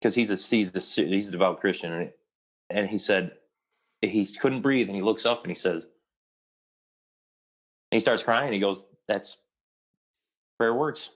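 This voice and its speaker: A man's voice: lowish voice, normal speed, long pauses. A young adult man, an actor, telling a long personal story in a casual interview and rambling with many restarts.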